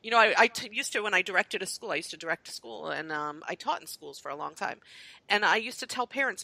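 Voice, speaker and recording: A woman's voice: mid-range voice, expressive, fast talker, vocal fry, sharp tone, no room sound, low-quality recording. A middle-aged woman, an early childhood consultant, co-hosting a podcast in an earnest, explanatory way. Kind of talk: casual podcast chat.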